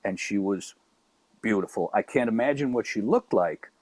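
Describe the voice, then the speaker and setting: Man, chicago accent, middle-aged, lively rising and falling pitch, dry close sound. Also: moderate pace, no echo. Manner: animated, lively anecdote telling. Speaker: stand-up comedian, guest. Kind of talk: storytelling in casual chat.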